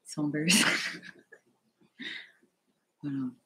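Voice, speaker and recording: Halting young man, flat and high. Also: rough recording. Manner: halting, rambling, filler-heavy; nervous, hesitant. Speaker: vlogger. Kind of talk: personal confessional vlog. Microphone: earphones headset.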